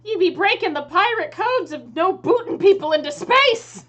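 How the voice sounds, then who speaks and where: A woman voicing a brash female pirate captain in loud mock-pirate dialect. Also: very high-pitched, animated, normal speed, voice pushed up. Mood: outraged.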